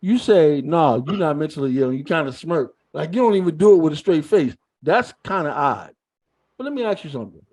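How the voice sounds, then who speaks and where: A man's voice: a little high, big pitch swings, brisk, a little mellow. A man hosting a casual online panel chat, teasing guests with mock interrogation and stammering restarts. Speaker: show host.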